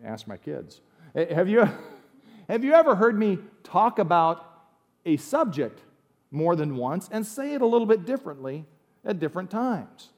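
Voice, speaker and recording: A middle-aged man from the United States preaches in a relaxed, talky way, his slightly raised voice climbing into emphatic bursts to drive points home. He speaks as a pastor giving a sermon. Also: high voice, normal speed.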